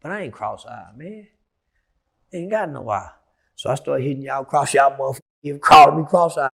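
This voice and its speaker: A brisk, gravelly middle-aged man tells an interviewer a story full of profanity and heat, muttering low one moment and shouting the next.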